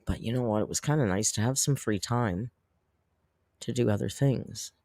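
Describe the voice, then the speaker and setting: A man's voice: mid-range voice, normal speed, vocal fry, dark tone, dry recording. A man hosting a casual livestream, chatting with viewers in a rambling, self-deprecating way and laughing often. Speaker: YouTube commentary host.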